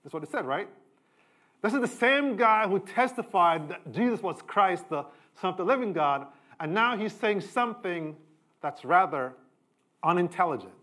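Middle aged pastor guy preaching, kinda high voice, chatty, keeps going loud then soft. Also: lively intonation, normal speed. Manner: conversational preaching with sudden rises and drops in pitch and volume. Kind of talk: sermon.

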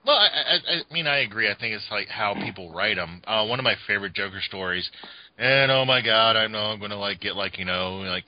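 A man's voice: medium pitch, no room sound. A man co-hosting a casual podcast, rambling along with many fillers and restarts. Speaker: podcast co-host. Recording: dull lo-fi dry sound.

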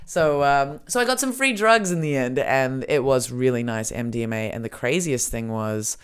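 A woman's voice: very deep voice, moderate pace, clear, resonant tone. A woman hosting a podcast, telling casual stories in a rambling way with lots of fillers and swearing. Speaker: podcast host. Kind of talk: casual chat, storytelling.

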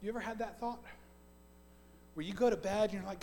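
A man with a very high voice preaches to his congregation, moving between loud, emphatic bursts and quiet, hushed asides. He talks in a plain, conversational way and stacks up repeated phrases. A long church reverb trails after his words. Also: fairly even intonation, brisk, a little hiss or hum. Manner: repetitive, list-like delivery. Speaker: pastor. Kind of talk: sermon. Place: church sanctuary.

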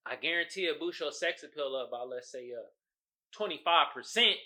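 A man's voice: a little high, normal speed. A man hosting his own podcast in casual, joking chat, talking straight to his audience. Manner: animated, joking, talks to the audience as "y'all". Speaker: podcast host.

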